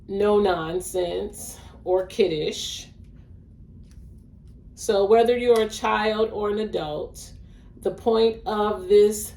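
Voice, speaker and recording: A woman teaching a phonics lesson, sounding out word chunks slowly and overemphasizing each sound. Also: mid-range voice, darkish tone. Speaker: reading teacher. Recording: echoey room, voice a bit far from the mic.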